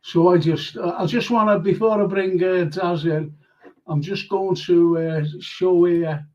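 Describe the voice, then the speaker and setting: Older male host, slow and high-voiced, chatty and emotional reading viewer comments; slightly muffled stream audio. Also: steady tone, warm tone. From England. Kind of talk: live fan-show chat reading comments.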